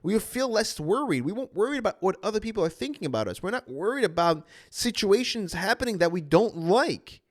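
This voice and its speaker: A man in his thirties with a high, lively voice that swoops up and down as he speaks. He is an anxiety coach giving an earnest motivational talk, repeating his points and calling his listeners "guys". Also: brisk, hardly any pauses. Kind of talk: motivational self-help talk.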